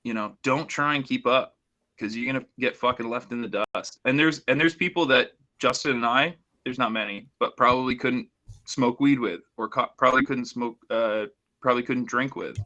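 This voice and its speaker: A man with a mid-pitched, bright and forceful voice co-hosts a podcast. He talks in short, blunt remarks and plain advice. The recording sounds dull and lo-fi. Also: normal speed. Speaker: podcast co-host. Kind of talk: casual podcast chat.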